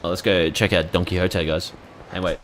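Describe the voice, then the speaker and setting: A man's voice: deep voice, level tone, normal speed, slight background noise. A man with an Australian accent giving casual, rambling, jokey commentary as he streams a game and reads out chat names.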